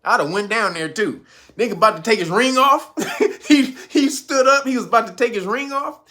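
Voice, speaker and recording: A man hosting a podcast, giving profane, comic commentary, laughing often and acting out quotes loudly. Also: extremely high pitch, a little fast. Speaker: podcast host.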